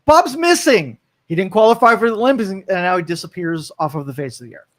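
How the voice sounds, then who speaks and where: A male talk radio host with a fairly high voice, rambling through opinions in loose, casual talk. He drifts from point to point, restarting sentences and tossing in asides. His delivery is chatty and animated. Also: quick pace.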